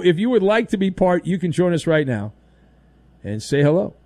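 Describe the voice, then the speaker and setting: A man's voice: high voice, very animated, moderate pace, dark tone, no echo. A man hosting a sports talk radio show, ranting sarcastically and mocking voices as he goes. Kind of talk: opinionated sports talk monologue.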